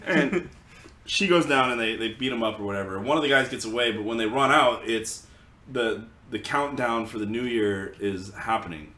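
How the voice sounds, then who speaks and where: A man chatting casually, recapping a comic in a loose, rambling way full of fillers and quick laughs. His voice sits at an ordinary pitch and carries a noticeable room echo. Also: pushed and bright. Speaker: podcast host recapping a comic. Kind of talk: casual chat.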